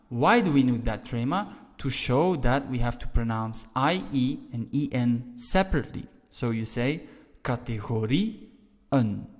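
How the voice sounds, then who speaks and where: A man teaching a language lesson on video, explaining rules step by step, checking in with the viewer, and punching key words with sudden emphasis. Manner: stresses key words with sudden lifts in pitch and volume. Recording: long reverberant room echo.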